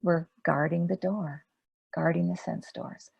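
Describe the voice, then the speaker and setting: Gently paced woman giving a dharma talk. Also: on the low side, fairly even intonation, vocal fry, breathy edge, dull audio. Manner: gentle, unhurried, with many restarts and rhetorical questions. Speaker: meditation teacher.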